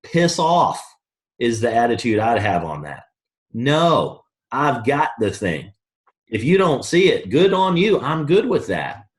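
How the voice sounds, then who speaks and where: A man's voice: mid-range voice, very animated, a little slow. Blunt, emphatic man coaching a team call. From East Coast of the US. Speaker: network marketing team leader. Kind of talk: motivational call talk.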